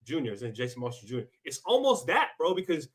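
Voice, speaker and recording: On a football podcast, a male co-host talks scouting in a casual, emphatic way, often repeating himself. His medium-pitched voice swings hugely in pitch, moves at a quick pace and has a breathy edge.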